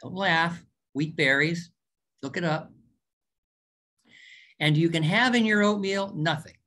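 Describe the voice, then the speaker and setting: A man's voice: a little high, slow pace, sharp tone. A man giving an informal diet lecture as a doctor, talking in a folksy, emphatic way, joking and repeating words for emphasis.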